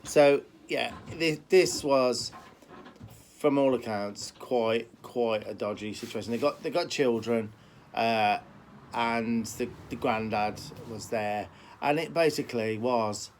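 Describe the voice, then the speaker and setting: Brummie horse trainer, man, mid-pitched, rambling, casual. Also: slow pace, slight background noise. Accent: Birmingham (Brummie), softened. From Birmingham, England. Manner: rambling, repeats words, many fillers. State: limping. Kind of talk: casual talk to camera.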